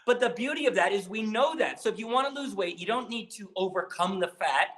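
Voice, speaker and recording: Animated, high-voiced man pitching. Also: a little fast. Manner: animated, persuasive pitch with rhetorical questions. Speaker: guest, program founder. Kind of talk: energetic podcast interview.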